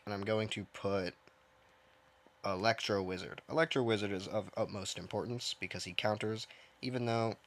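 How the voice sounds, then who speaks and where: A gaming streamer plays from his own dim room, offering casual, rambling commentary while mocking himself and thinking out loud. His voice is fairly low in pitch.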